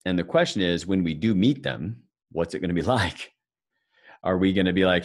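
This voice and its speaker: This financial speaker's voice sits low and keeps a normal speed. He presents a live seminar conversationally, joking with those attending.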